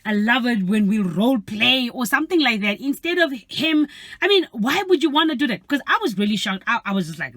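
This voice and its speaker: Animated woman vlogging from her car. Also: a little high, fairly quick. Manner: animated storyteller, acts out friends' voices. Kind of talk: casual chat to camera. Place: parked car.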